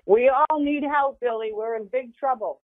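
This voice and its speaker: High-voiced woman on a tinny phone line. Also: normal speed, no room sound. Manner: playful, plays along. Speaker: prank call target. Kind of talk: phone conversation.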